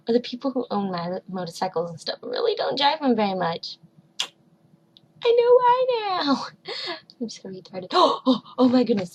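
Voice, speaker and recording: A woman's voice: medium pitch, fairly bright tone, a little hiss or hum, low-quality recording. A woman in her twenties vlogging at home, rambling casually and dropping into whispered asides. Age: 20s. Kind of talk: casual chat.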